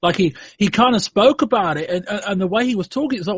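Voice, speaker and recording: A man's voice: high-pitched, fast talker, breathy edge, no room sound. A man hosting a podcast in casual discussion, thinking aloud with frequent "um"s and restarts. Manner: thoughtful, hedging with frequent "um" and restarts. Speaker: podcast host. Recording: dull lo-fi podcast audio.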